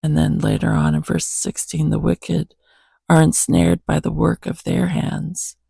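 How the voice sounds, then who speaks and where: A man with a hoarse morning voice, reading Bible verses, reflecting on them and praying in an earnest, unhurried way at home. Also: a little high, animated, warm tone, dry recording. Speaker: host reading scripture to his cat.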